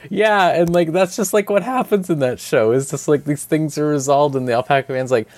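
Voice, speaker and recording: A man's voice: fairly high pitch, brisk, hardly any pauses, no room sound. Rambling man in casual chat. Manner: rambling, animated storytelling with frequent fillers and swearing. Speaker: podcast co-host.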